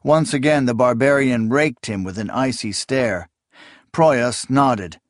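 A man reading fantasy fiction aloud as a narrator, in a measured, even storytelling manner. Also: medium pitch, no echo, studio quality. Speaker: audiobook narrator.

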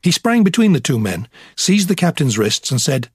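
A man narrating an audiobook in a measured, even storytelling manner. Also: fairly high pitch, husky, dry recording, studio quality. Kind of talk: scripted narration.

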